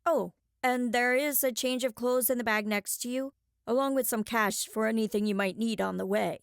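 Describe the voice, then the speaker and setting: A woman's voice: on the high side, normal speed, gravelly, smooth, no echo, clean studio sound. A woman voicing a polite, composed male chauffeur with a slight foreign accent in an audiobook. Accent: slight unplaced foreign accent. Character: calm mysterious male chauffeur.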